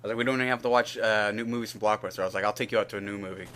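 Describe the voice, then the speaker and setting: A young gaming video host talks very fast in a lowish, fairly bright voice with fairly even intonation, with a little hiss or hum in the background. As he plays, he rambles through a frank story, swearing freely and taking on both roles in the conversation.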